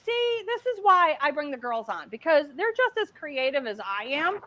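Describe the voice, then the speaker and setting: A middle-aged woman hosting a casual craft livestream, chatty and excitable as she demonstrates while talking. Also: high voice, moderate pace, no echo, highs cut off.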